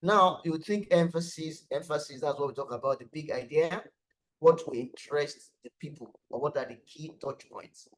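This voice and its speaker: A man's voice: medium pitch, steady tone, normal speed, darkish tone, rough recording. A man presenting an online lesson on design thinking, explaining step by step and repeating key words for emphasis, over a video call. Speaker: webinar presenter.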